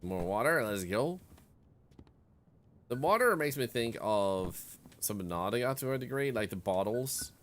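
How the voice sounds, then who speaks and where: A man streams a video game with casual let's-play commentary, chatting and reading the game's text aloud as he goes. His medium-pitched voice has lively intonation and a measured pace, with a little hiss or hum in the audio.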